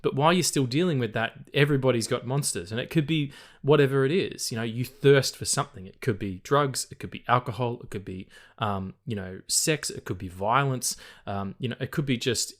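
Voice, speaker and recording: A man's voice: medium pitch, brisk, few pauses. A man co-hosting a casual film podcast, rambling with lots of fillers, restarts and swearing. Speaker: podcast co-host.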